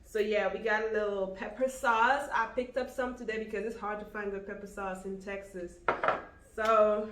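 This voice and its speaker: A young woman from Guyana co-hosting a casual eating vlog, chatty and quick to laugh. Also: mid-range voice, fairly even intonation, fairly bright tone. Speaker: vlog co-host. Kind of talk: casual mukbang chat. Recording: echoey room.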